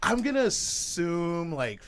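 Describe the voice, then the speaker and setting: A man guest on a comedy podcast, telling a story in a lively way and acting out other people's lines. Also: on the high side, slow pace. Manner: animated, acts out other people's voices.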